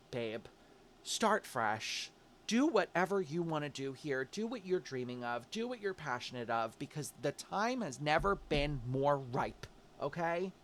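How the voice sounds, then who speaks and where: A man's voice: on the high side, a bit bright. A man giving a casual, upbeat tarot reading, encouraging the listener and calling them babe. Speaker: tarot reader.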